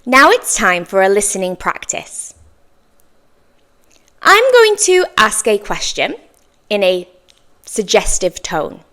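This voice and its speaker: A woman teaching an English lesson, speaking slowly and clearly with encouraging praise and exaggerated intonation for learners to repeat. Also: mid-range voice, wildly swooping pitch, fairly bright tone.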